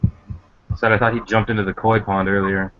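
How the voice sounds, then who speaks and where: A man's voice: fairly low pitch, level tone, moderate pace. A man on a podcast who chimes in with short, blunt, profane reactions. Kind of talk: casual chat. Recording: dull lo-fi podcast audio.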